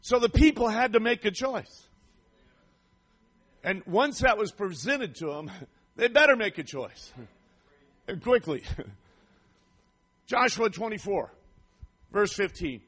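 A man preaching a fervent sermon, reading scripture and rising to shouts of praise. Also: high-pitched, expressive, unhurried, pauses often, husky.

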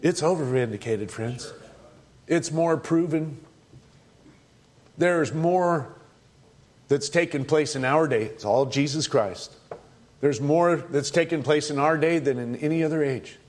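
A middle-aged man preaching a sermon as pastor, emphatic, jumping up for loud points and dropping low for asides. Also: a little slow, pauses often.

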